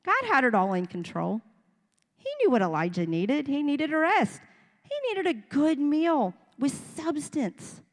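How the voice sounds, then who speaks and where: A middle-aged woman delivers a sermon, bringing it alive with animated storytelling and acted-out voices. Her voice sits a touch high, and a long hall reverb trails each line. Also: a little slow. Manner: storytelling, animated, acts out voices of children and parents. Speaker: preacher. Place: church sanctuary.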